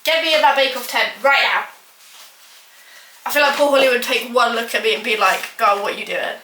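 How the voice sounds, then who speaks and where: High-voiced woman, chatty and self-mocking. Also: a little fast, pushed and bright, a little hiss or hum. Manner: rambling, self-mocking, full of filler "like". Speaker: baking vlogger. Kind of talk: casual chatty vlog. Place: home kitchen. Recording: echoey kitchen with clattering dishes.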